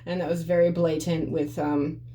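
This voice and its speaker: A woman's voice: low voice, little pitch movement, normal speed, warm tone. A young woman telling a personal story to her viewers in a blunt, profane, conversational way. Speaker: vlogger. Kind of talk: candid storytelling vlog.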